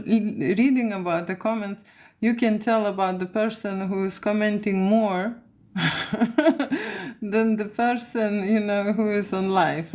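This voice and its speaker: A woman's voice: mid-range voice, a little mellow. A woman from Lithuania with a Lithuanian accent, a photographer chatting casually on a livestream and reading out comments, with many "okay?" and "you know" fillers.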